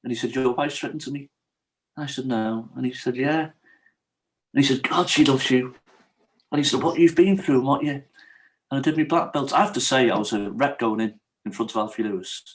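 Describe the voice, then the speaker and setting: A middle-aged Englishman speaks as a podcast guest. He talks in a voice of ordinary pitch. His telling is earnest and emotional, and he acts out the lines of the people in his story. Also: a little fast. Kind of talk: personal storytelling in conversation.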